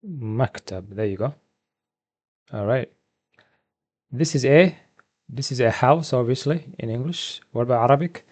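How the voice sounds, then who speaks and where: A man runs a beginner vocabulary lesson from slides, with a voice of middling pitch. He asks how to say each word, answers himself, and repeats the answer slowly for the learners. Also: darkish tone. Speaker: Arabic teacher.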